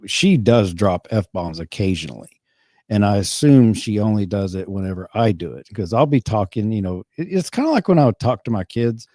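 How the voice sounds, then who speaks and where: Brief: middle-aged male host, mellow tone, dry close sound, rambling and halting. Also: lowish voice, expressive, no room sound. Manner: rambling, halting, self-correcting. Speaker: podcast host. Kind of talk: casual chat.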